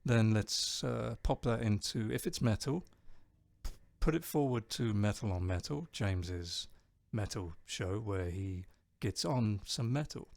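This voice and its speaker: A man's voice: on the low side, animated, unhurried, creaky, darkish tone, no echo. A man chatting casually on a live stream, reading out viewer comments and rambling jokily about music. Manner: rambling, jokey, reads chat aloud. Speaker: streamer and band bassist.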